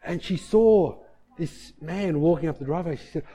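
A man preaching, his voice sitting a little high. He tells a story with animated energy, dropping soft and low in the sad parts and climbing to loud, excited peaks. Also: normal speed. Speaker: pastor. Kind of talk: sermon storytelling.

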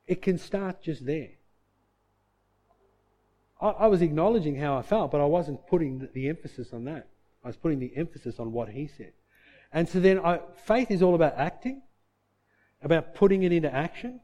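Speaking at a normal pace, a man preaches to his congregation, asking questions and then supplying the answers himself. His voice turns soft and low whenever he reaches a heartfelt point.

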